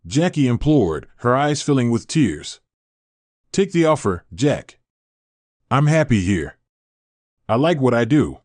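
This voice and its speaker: Reading a scripted story in a sing-song, slightly slow way with frequent pauses, a man uses a medium-pitched, somewhat mellow voice. He voices narration and every character almost identically and repeats the same lines many times; the studio sound is clean and dry.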